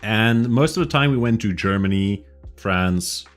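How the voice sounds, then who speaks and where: A man chatting casually on a stream, unhurried and low-pitched, with soft music under his voice. His talk rambles and mocks himself, and he laughs often. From Flanders, Belgium. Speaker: livestreamer. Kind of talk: casual chat.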